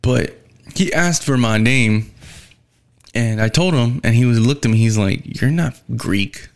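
Weary and fed up, a man who works as a delivery driver rambles through a profane storytime rant packed with swearing. He speaks smoothly at a measured pace, with a medium-pitched voice.

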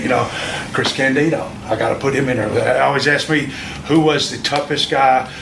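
A man with a drawl gives a young wrestler a pep talk, emphatic and circling back on himself. He sits some way off the mic in an echoey room with a lot of noise around him. His pitch sits in the middle. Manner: rambling, emphatic, repeats himself. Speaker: veteran wrestler coaching a young wrestler. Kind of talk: motivational pep talk from a promo video. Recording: echoey, distant, noisy room.

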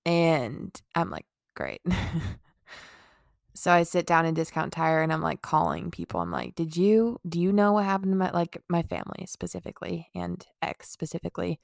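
A woman's voice: on the low side, animated, moderate pace, vocal fry, no echo, clean studio sound. A young woman vlogger telling a casual storytime, rambling with lots of "like" fillers, swearing and laughing between lines.

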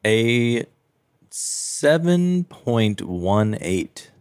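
A man's voice: mid-range voice, sing-song, extremely slow, a little mellow, smooth, dry recording. A man co-hosting a podcast, talking in an easygoing way while tasting whiskey. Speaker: podcast co-host. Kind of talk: casual whiskey-tasting chat.

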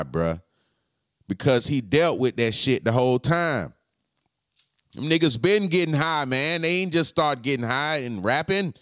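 A man hosting a podcast, talking to his live chat in a slangy, profane way and repeating his points slowly. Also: mid-range voice, fairly bright tone, dry recording, studio quality. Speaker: podcast host. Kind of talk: casual live-stream chat.

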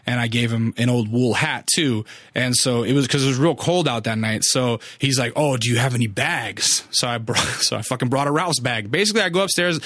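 A man's voice: medium pitch, brisk, hardly any pauses, a bit bright, dry recording, clean studio sound. A young man casually telling a long story, rambling and cursing freely, with lots of filler words. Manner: rambling, profane, filler-heavy.

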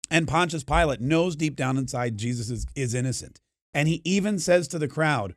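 A man's voice: on the high side, lively intonation, normal speed, no room sound, studio quality. A man giving an emphatic, opinionated monologue, acting out the voices of the people in the story he tells. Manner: emphatic, acts out quoted crowds. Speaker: podcast host.

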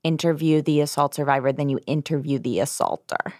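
Brief: woman podcast host, lowish voice, dry close mic, sarcastic and chatty. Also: brisk, a little mellow, dry recording. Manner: sarcastic, lots of "like". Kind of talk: casual comedic chat.

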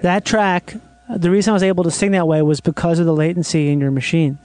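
A man's voice: a little high, steady tone, quick pace, darkish tone. A man chatting casually and joking, swearing freely. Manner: joking, profane. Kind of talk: casual chat.

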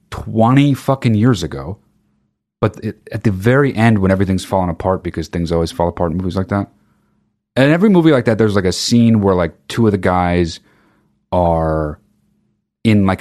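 A male podcast host with a low, slightly mellow voice rants comedically, sarcastic, profane, and rambling.

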